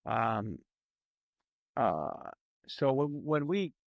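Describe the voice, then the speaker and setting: A man speaks earnestly in a relaxed panel chat, stumbling and repeating words as he goes. His voice is of middle pitch. The sound is dry and close to the mic. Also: drawn-out words, no room sound, dull audio. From New York, USA. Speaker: guest, film director. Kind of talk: casual panel conversation.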